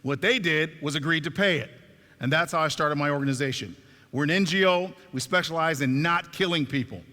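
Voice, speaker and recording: Guy telling a story up on stage, acts out the lines, kinda high bright voice, echoey hall. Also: a little fast. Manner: animated, acts out the dialogue. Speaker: speaker at a talk.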